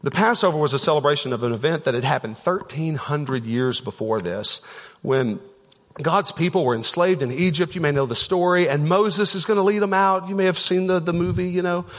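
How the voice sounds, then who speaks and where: Chatty pastor in a reverberant hall. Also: male voice, fairly high pitch, fairly quick, a bit bright. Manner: conversational, storytelling with filler words and restarts. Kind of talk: sermon. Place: church auditorium. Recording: long church-hall reverb.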